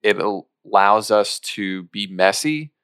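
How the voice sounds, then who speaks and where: A man's voice: lowish voice, animated, slow pace, a bit bright, smooth, no echo, studio quality. A man co-hosting an improv podcast in casual chat, explaining his thoughts at length. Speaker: podcast co-host.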